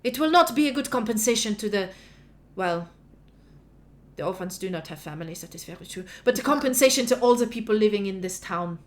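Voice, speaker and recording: A woman voicing a stern female archbishop who passes judgment in formal, measured pronouncements. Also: mid-range voice, expressive, lightly acted. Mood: solemn.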